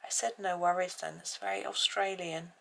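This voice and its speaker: Brief: English woman hosting a colouring vlog, low and bright-toned voice, chatty, thinks aloud. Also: steady tone, normal speed, creaky, a little hiss or hum, poor audio. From England. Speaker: colouring channel host. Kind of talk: casual chat while colouring.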